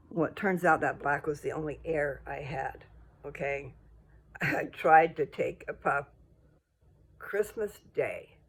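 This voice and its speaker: An older woman ranting bluntly to her viewers, scolding and rambling, with her voice jumping up into high indignant peaks. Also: creaky, slightly rough. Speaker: vlogger. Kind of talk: casual rant to camera.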